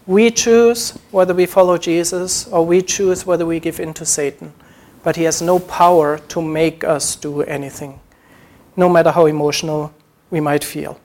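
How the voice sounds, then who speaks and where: A man's voice: on the high side, fairly even intonation, normal speed, a little mellow. A man preaching a sermon, earnest, acting out short quoted prayers as he teaches.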